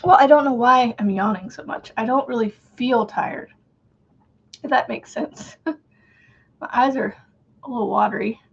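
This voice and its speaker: A woman's voice: a little high, a little slow, gravelly, long pauses, breathy edge, highs cut off. A woman hosting a crochet livestream, chatting casually, greeting viewers by name and counting stitches under her breath.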